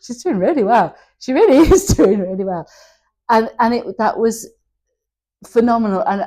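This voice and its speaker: A woman's voice: fairly low pitch, a little mellow. A woman, telling her personal story in an interview, candid and emotional, often laughing as she speaks. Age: 60s. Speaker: interview guest.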